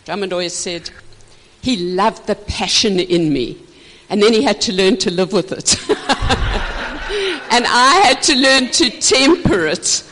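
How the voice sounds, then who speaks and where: An older woman, a minister teaching couples, talking in an expressive, passionate way and laughing often. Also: medium pitch, slow pace, slight background noise. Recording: reverberant hall.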